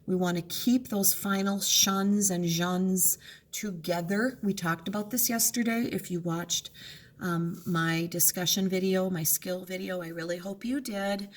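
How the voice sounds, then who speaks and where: A woman teaching a recorded lesson, going over test answers in an encouraging, explanatory way and drawing words out slowly to split them into syllables. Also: fairly low pitch, steady tone. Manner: slow, drawn-out enunciation of words to split into syllables.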